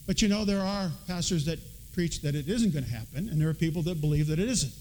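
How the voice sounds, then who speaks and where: A man's voice: high voice, poor audio. A man preaching a sermon, earnest and emphatic, mixing folksy storytelling with scripture. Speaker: pastor.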